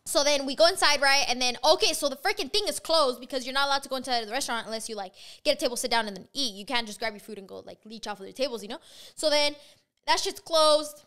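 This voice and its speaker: Bright, high-voiced woman telling a story fast. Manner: fast, profane, animated storytelling. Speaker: podcast host. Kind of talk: casual storytelling chat.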